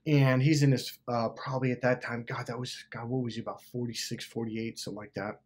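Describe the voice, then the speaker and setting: This host of a self-help video has a husky, mid-range voice and speaks a little fast. He shares a personal story in a loose, rambling way, full of fillers, profanity, and animated energy.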